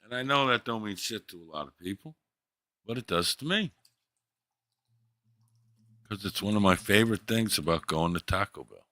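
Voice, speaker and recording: A low-voiced male livestream host rambles through casual stream chat, cursing freely and spinning jokey stories complete with voice impressions. His delivery is forceful and bright at a normal speed with long pauses, captured dry and close with no room sound.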